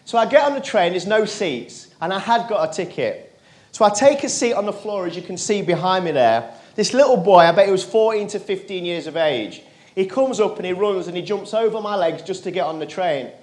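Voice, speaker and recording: A man giving a motivational keynote, telling a personal story to a live audience and turning quiet in the emotional moments. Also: high voice, lively intonation, brisk. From England. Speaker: motivational speaker. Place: conference stage.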